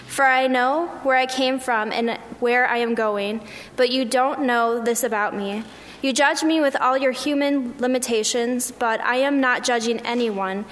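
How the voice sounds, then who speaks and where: A woman reading scripture aloud in a steady, measured way during a church service. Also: fairly high pitch. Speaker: scripture reader. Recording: reverberant hall, faint background noise.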